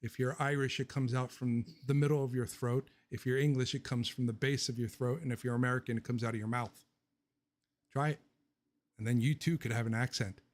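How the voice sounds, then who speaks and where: A man's voice: medium pitch, fairly even intonation, a little fast. A man hosting a casual livestream Q&A, rambling and joking, blunt with his opinions and laughing often. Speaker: livestream host answering viewer questions.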